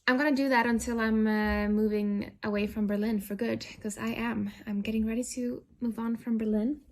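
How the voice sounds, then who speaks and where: Rambling young woman vlogging at home. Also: a little high. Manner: rambling and self-deprecating, many fillers and restarts. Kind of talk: casual vlog chat. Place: indoors in a rented apartment.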